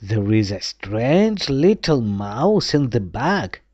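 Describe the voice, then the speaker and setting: A woman voicing a cheerful, resourceful old grandfather in a storybook, brisk and encouraging. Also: rumbling low, very animated, mellow, breathy edge, no echo, muffled recording, exaggerated voice.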